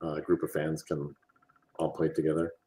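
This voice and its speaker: A man answering fan questions on a casual livestream, rambling and relaxed with plenty of fillers. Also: extremely low pitch, a little fast, slight background noise.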